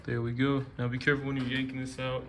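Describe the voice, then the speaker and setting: A fast-talking car restoration hobbyist vlogger with a mid-range voice gives casual, step-by-step how-to narration of the repairs he's doing on his car in a garage. He sounds relaxed and chatty, but the recording is very noisy.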